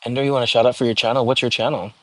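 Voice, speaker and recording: A man's voice: medium pitch, steady tone, rapid-fire, no room sound, rough recording. A middle-aged man hosting a casual livestream, chatting and answering viewer questions from the comments. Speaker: livestream host.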